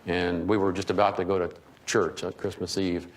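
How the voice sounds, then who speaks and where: A man's voice: low-pitched, little pitch movement, normal speed. An older man, a keynote speaker, telling folksy, humorous business anecdotes to an audience. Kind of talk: storytelling talk. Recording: reverberant hall, faint ambience.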